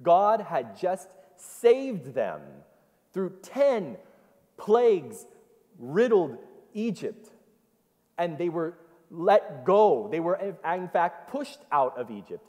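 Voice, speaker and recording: This preacher's voice sits high with a darkish tone and big pitch swings, and he takes things slowly. In the church sanctuary he echoes the congregation's responses and tells the story animatedly, with long hall reverb around him.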